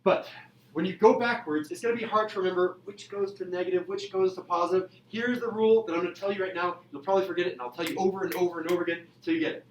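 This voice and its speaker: A young man teaching a high school math class in a classroom, playful and jokey in manner. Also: racing, lo-fi sound, slight background noise. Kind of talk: classroom lecture.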